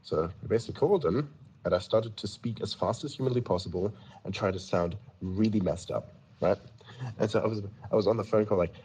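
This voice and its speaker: Low husky man rambling through stories. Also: fairly quick, darkish tone. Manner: rambling, stammering restarts, chuckling. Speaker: storyteller in a voice chat. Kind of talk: casual storytelling.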